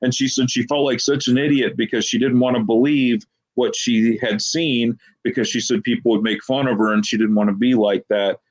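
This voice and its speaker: A man's voice: mid-range voice, steady tone, a little fast, few pauses. A man being interviewed as a Bigfoot investigator, telling long rambling anecdotes and quoting people with "she goes.". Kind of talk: casual storytelling interview.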